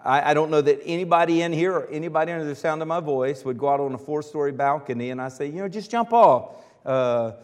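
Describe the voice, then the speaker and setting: American pastor preaching in a reverberant hall. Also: male voice, a little high, quick pace, hardly any pauses. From United States. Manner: animated, asks the congregation questions. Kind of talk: sermon with congregational call-and-response. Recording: long reverb of a church hall.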